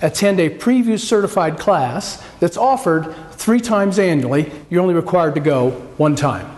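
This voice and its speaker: A man giving a scripted corporate presentation, laying out requirements with upbeat, gently joking asides. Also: on the high side, animated, moderate pace.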